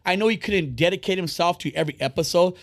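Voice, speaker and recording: Dude hosting a podcast, talks fast and blunt, cusses a lot, kinda high voice, dry close sound. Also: male voice, no echo. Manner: fast-talking, rambling, blunt, swears freely. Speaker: podcast host. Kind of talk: casual podcast chat.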